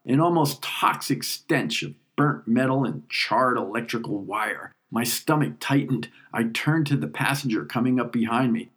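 A man's voice: medium pitch, lively intonation, fairly bright tone, husky. Reflective man narrating his own story. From New York. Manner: reflective, emotional, unhurried. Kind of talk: first-person story narration.

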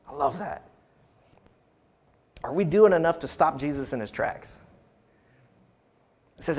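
Man preaching a sermon, slightly high voice. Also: a little fast, a little mellow. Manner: repeats phrases, calls out to the congregation. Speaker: pastor.

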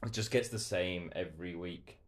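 A man's voice: deep voice, normal speed. A man from England hosting a podcast, chatting casually about football, laughing often and poking fun at himself. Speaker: podcast host.

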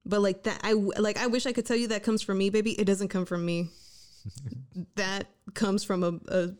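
A woman's voice: mid-range voice, normal speed, darkish tone. A young woman co-hosting a casual chat, blunt and playful, often laughing. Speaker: podcast co-host.

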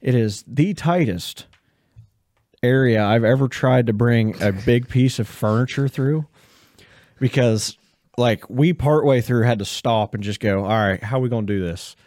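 A man's voice: medium pitch, measured pace, a little mellow, no echo. A young man co-hosting a casual podcast, bantering and joking playfully. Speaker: podcast co-host. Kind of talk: casual chat.

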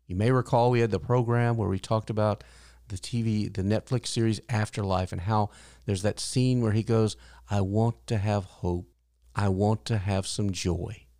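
A man's voice: lowish voice, gravelly, darkish tone, dry recording, clean studio sound. An older man hosting a podcast, telling a personal story in an earnest way and lifting his voice when he quotes people. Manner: earnest, acts out quotes in a raised voice. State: widowed, grieving but hopeful. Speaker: podcast host.

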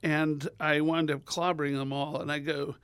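Animated storytelling man, dry close sound. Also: moderate pace, smooth, no room sound. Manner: animated, acts out voices with big pitch jumps. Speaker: radio guest.

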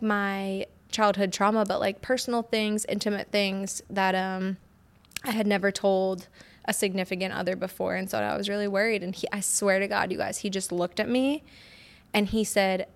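Woman podcast host, frank and animated, swears a lot, acts out the back-and-forth. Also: mid-range voice. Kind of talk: candid podcast conversation.

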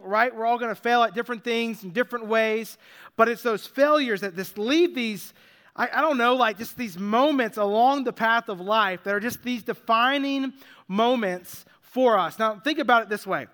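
Bright-voiced conversational male preacher. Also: very high voice, clean tone, in a large hall. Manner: conversational, self-deprecating, slows for emphasis. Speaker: pastor. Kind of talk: sermon.

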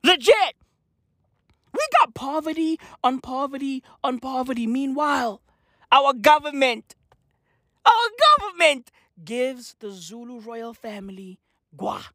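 A South African woman rants in a quick comic vlog voice, cursing freely and calling out to "bruh" and "fam". Her voice sits high and swings widely up and down. The sound is dry with no room echo. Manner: animated, swears constantly, slangy with "bruh" and "fam". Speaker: vlogger. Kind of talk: profane comic rant.

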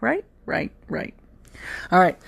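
Texan podcaster just rambling on, gravelly voice, dry close mic, lots of ums and jokes at own expense. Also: medium pitch, very animated, takes it slowly, fairly bright tone, no room sound. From Texas. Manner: rambling, chatty, self-mocking, many fillers. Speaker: podcast host. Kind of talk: casual solo podcast chat.

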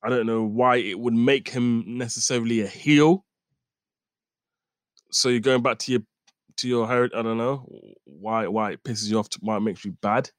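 A man's voice: medium pitch, steady tone, normal speed, no echo, studio quality. Laughing man co-hosting a podcast. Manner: laughs often, teasing. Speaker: podcast co-host. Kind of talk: casual sports chat.

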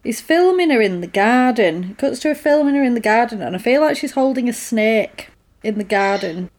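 A woman's voice: fairly high pitch, a little fast. A woman recapping a horror film in casual chat, acting out characters' lines as she goes. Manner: animated retelling with quoted voices.

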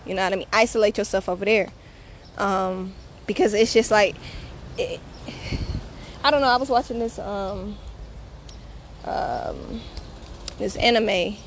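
A woman's voice: mid-range voice, steady tone, a little slow, long pauses, a little hiss or hum. A woman hosting her own show, talking in a blunt, profane, emphatic casual monologue. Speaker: podcast host.

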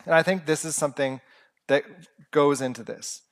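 A man's voice: fairly high pitch, normal speed. A young man preaching a sermon in an earnest, conversational way with humorous asides.

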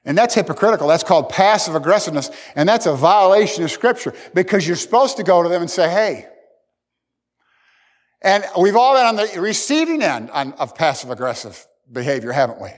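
A man's voice: high voice, very animated, fairly quick. A man preaching a sermon as pastor, talking earnestly and acting out what people say. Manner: earnest preaching, acts out quoted speakers. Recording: long hall reverb.

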